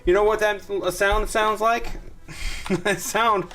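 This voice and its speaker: A man's voice: sits high, fairly even intonation, slow pace, bright, forceful tone. Rambling, wry man commenting on charts. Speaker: crypto show host. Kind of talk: casual live chart commentary.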